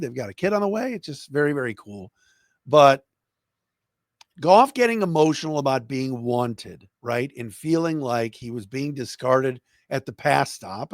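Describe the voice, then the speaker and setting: Man, sports podcast host, lively swooping pitch, enthusiastic, dry close sound. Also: dry recording. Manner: enthusiastic, animated storytelling. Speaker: former radio broadcaster.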